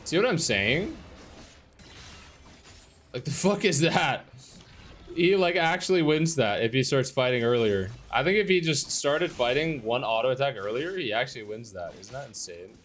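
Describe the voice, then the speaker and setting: A man's voice: medium pitch, animated, normal speed, a bit bright. Young man, game streamer, live commentary, swearing, frustrated rant. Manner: frustrated, swearing, ranting about teammates. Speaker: streamer playing a competitive online game.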